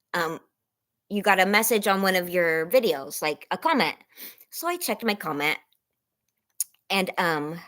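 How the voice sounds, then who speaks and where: A woman's voice: on the low side, fairly bright tone. A woman vlogger talking casually to her viewers in a rambling, self-conscious way, laughing between thoughts and close to tears.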